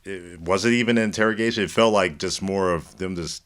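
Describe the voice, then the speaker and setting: A man's voice: low voice, fairly quick, a bit bright. A man on a film podcast tossing in dry, joking asides during casual chat.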